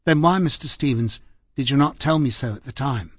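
A man reading the part of a tired, hurt middle-aged female housekeeper in an audiobook, speaking quietly and haltingly. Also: mid-range voice, husky, dry recording, clean studio sound, natural voice. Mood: reproachful. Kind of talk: audiobook character voice.

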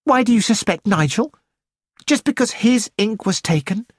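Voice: mid-range voice, level tone, moderate pace, fairly bright tone, breathy edge, no echo, clean studio sound, pitched above the performer's own voice. A reader voicing an irritable young female student who defends a friend, in an audiobook. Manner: irritable, protective. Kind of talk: audiobook character voice.

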